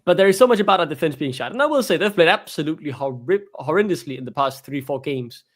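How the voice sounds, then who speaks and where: Male fan co-host, fairly high voice, emphatic and passionate, casual chat. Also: lively intonation, fast talker. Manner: passionate, emphatic, repeats himself.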